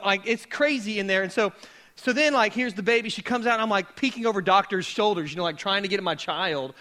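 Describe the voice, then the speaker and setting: Man preaching, thirties, high bright voice, storytelling with jokes to a congregation. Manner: casual, joking, animated storytelling. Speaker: pastor. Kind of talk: conversational sermon with humor. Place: church hall before a live audience.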